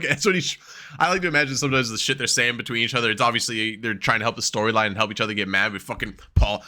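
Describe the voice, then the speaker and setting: A man's voice: medium pitch, rapid-fire, pushed and bright. A man co-hosting a wrestling podcast, chatting casually, swearing freely and laughing often as he acts out quotes. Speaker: podcast co-host.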